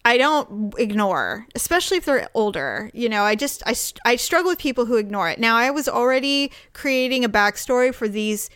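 Animated, higher-voiced woman telling a story. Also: a little fast, hardly any pauses, clean tone, no room sound, studio quality. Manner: animated, acts out quoted voices, laughs often. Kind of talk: casual storytelling chat.

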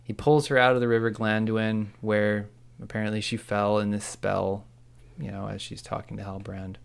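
A man co-hosts a podcast recap, enthusiastically retelling scenes and quoting lines in casual conversation. He has a fairly low, gravelly, clean-toned voice with little pitch movement and a moderate pace.

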